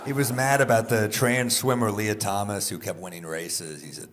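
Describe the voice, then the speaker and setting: A man telling jokes in a stand-up set, with a dry, deadpan delivery. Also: low-pitched, fast talker, few pauses, very noisy. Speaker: stand-up comedian.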